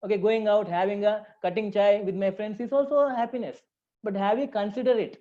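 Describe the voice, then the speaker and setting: A man's voice: sits high, fairly even intonation, brisk, mellow. A man with an Indian English accent, a counselor giving a motivational talk to students, conversational and asking the audience questions. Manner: conversational, asks the audience questions, repeats phrases. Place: lecture hall. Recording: dull lo-fi sound.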